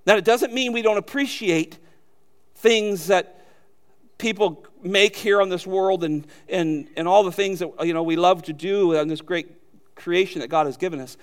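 A man preaching a sermon as a pastor, emphatic, addressing listeners directly with rhetorical questions and building to loud peaks. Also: high-pitched, moderate pace, smooth.

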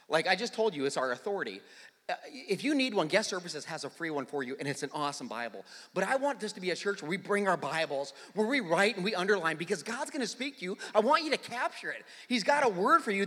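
A male pastor in his forties preaches in a church auditorium, his voice bright and forceful. He tells stories with self-deprecating humor and bursts into near-shouts, with pitch swinging widely. Long reverb from the hall trails each line. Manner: animated storyteller, self-deprecating humor, rises to near-shouting in dramatic moments. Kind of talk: sermon with personal story.

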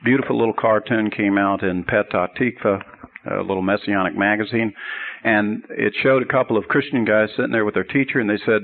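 A man's voice: on the low side, fast, vocal fry, phone-quality sound. A man teaching a sermon as a Bible teacher, earnest and explanatory. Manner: earnest, explanatory, builds up to a told joke.

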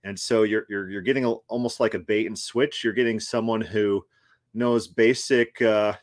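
Low-voiced man critiquing casually. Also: steady tone, normal speed, no room sound, clean studio sound. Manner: conversational, restarts, laughs while critiquing. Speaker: host. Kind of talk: casual commentary.

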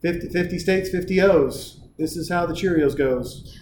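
A man's voice: sits high, normal speed, darkish tone. A man hosting a casual chat, loose and profane, rambling through stories and advice. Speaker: podcast host. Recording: roomy echo, faint background hiss.

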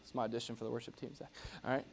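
A middle-aged pastor preaching a sermon in an animated, jokey way, acting out grumbling noises. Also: male voice, mid-range voice, very fast, creaky, husky.

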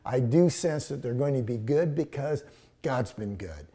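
A man's voice: mid-range voice, expressive, warm tone, breathy edge. Grandfatherly pastor preaching a sermon. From Texas. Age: older. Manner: storytelling, slows down to stress words, drops to near whisper.

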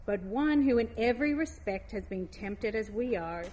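A woman giving a heartfelt devotional talk, reading scripture aloud slowly and gently. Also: a little high, lively intonation.

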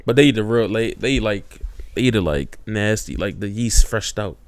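Male podcast co-host, smooth voice, quick comic jabs, dry mic. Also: fairly low pitch, animated, no echo. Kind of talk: casual podcast banter.

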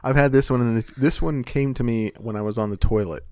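A man's voice: mid-range voice, a little fast, a little mellow, no echo. An American man co-hosting a podcast, reading posts aloud and joking with ironic humor and frequent laughter. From United States. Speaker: podcast co-host.

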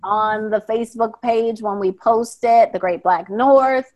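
A woman's voice: fairly high pitch, measured pace, a little mellow. Tired, easygoing woman podcast co-host. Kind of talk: casual chat.

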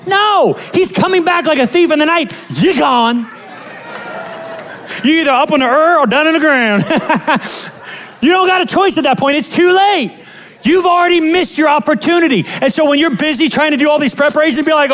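High-voiced, animated male preacher. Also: moderate pace. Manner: animated, humorous, emphatic preaching. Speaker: pastor. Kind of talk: sermon.

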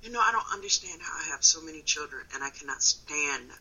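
Wisconsin woman in her thirties, comic storyteller, animated and giggly, wide pitch swings. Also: fast, husky, low-quality recording. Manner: animated, laughing often, swings between loud and quiet. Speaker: comedian guest. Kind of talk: casual storytelling on a phone call. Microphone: phone call.

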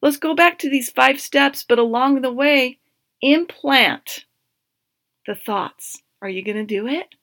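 A woman in her thirties hosts a motivational podcast with an upbeat, encouraging manner, speaking straight to her listeners. Her voice sits a bit high, and the recording is dry and close, with no room sound. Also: a little slow, gravelly, a bit bright, no room sound. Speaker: podcast host, life coach. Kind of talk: motivational solo podcast talk.

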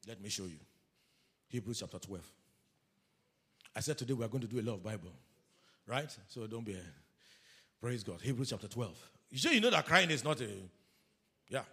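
A man preaching a sermon as pastor, animated, calling the congregation to read scripture aloud with him. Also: medium pitch, fairly quick, long pauses, breathy edge.

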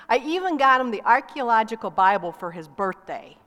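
Speaking a little fast in a fairly bright, slightly high voice with lively intonation, a middle-aged co-pastor shares her testimony from the church sanctuary. She tells stories and performs the quoted dialogue herself, and a large hall's long reverb trails each phrase.

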